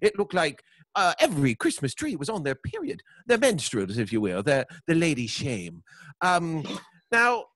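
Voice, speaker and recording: A man's voice: huge pitch swings, normal speed, fairly bright tone, no room sound. A man co-hosting a podcast, mocking and theatrical in casual banter. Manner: mocking, theatrical, swings between high and low pitch. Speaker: podcast co-host.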